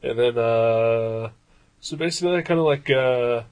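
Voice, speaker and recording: A man in casual chat, rambling through a story with many pauses and fillers. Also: medium pitch, darkish tone, clean tone, poor audio.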